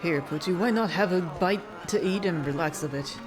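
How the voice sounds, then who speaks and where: A woman's voice: fairly low pitch, normal speed, close to an everyday voice. A woman voicing a boastful, earnest wandering male archer, reading game dialogue aloud.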